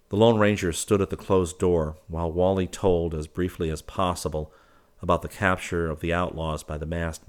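A man narrating a western audiobook in an even storytelling manner. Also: low-pitched.

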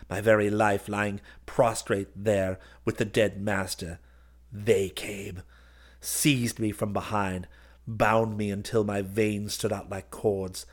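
A man narrating a first-person horror story in an intense, measured, theatrical reading. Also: lowish voice. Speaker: audiobook reader.

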